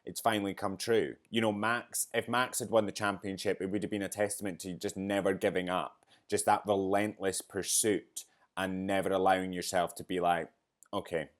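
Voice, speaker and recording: A man hosting a podcast, with a fairly low, hungover voice. He talks in a chatty, effusive way and lets the emotion show. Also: little pitch movement, moderate pace. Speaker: podcast host. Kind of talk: casual podcast commentary.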